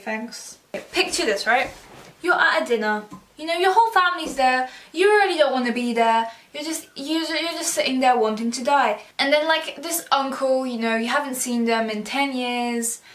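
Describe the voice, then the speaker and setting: A woman's voice: sits high, fairly bright tone. A teenage girl vlogging a blunt, sarcastic, rambling rant about her pet peeves. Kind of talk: ranting vlog monologue. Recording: roomy sound, mic far off.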